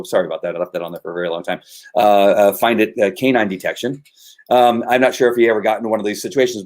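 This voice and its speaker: A man's voice: on the low side, darkish tone. A man who trains dogs, explaining his methods in casual talk and often restarting his sentences. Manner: rambling, with many restarts and repeated words. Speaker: dog trainer.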